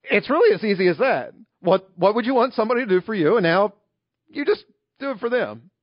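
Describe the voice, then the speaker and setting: A man preaching a sermon in a relaxed, conversational way, telling everyday stories to make his points. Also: high-pitched, brisk, no room sound, dull audio. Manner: conversational, illustrative storytelling. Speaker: pastor.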